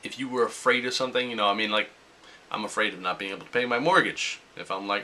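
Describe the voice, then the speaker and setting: A man's voice: lowish voice, fairly quick, sharp tone, a little hiss or hum. A young adult man talking casually in a motivational vlog, often acting out his own inner voice. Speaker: vlogger.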